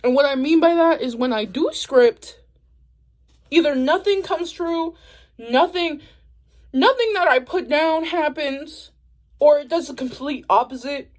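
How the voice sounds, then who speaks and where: A woman's voice: sits high, unhurried. A young woman telling a story to camera in a casual, profane, laughing way. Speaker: vlogger.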